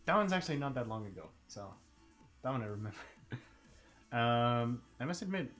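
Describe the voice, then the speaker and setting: A man's voice: mid-range voice, expressive, normal speed, sharp tone, soft background music. A man chatting casually on a live stream while he sketches. He laughs often and slips into silly voices.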